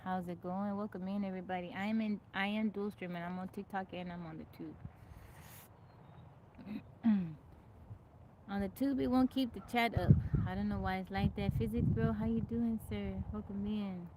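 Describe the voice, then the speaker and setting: A woman's voice: mid-range voice, fairly even intonation, moderate pace, dark tone, a little hiss or hum, low-quality recording. A woman hosting a casual live stream, greeting viewers by name and chatting with frequent laughs. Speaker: livestream host. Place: outdoors in nature. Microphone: phone.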